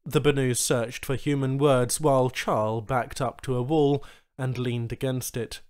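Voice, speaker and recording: A man's voice: medium pitch, unhurried. A man reading a science fiction short story aloud as an audiobook narrator. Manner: expressive storytelling. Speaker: audiobook reader. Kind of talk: scripted narration.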